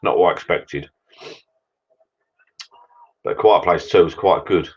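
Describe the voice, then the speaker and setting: A man's voice: low voice, a little slow, breathy edge, highs cut off. A British man hosting a casual live chat with viewers, rambling chattily while drinking beer. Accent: British English. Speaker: livestream host chatting with viewers.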